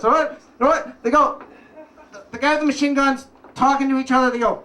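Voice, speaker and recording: A man telling a wry, casual personal story at a live story slam, pausing for punchlines. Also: very high voice, pushed and bright, far from the mic. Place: live event stage.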